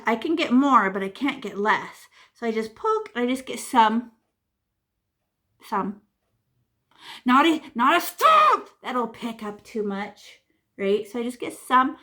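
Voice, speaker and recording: A woman's voice: a little high, a bit bright. A woman teaching a painting lesson to children in a playful, chatty way, making sound effects and repeating words. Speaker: art teacher. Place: classroom or home room.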